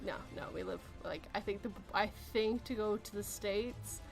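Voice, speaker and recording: A woman's voice: medium pitch, moderate pace, over music. A Canadian woman hosting a casual podcast chat, rambling through explanations and laughing often. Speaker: podcast host.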